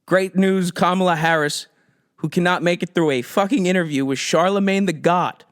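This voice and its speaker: A man hosting a podcast, ranting sarcastically about politics in a profane, animated comedic style. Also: high-pitched, normal speed, dry recording, clean studio sound. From United States. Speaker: podcast host.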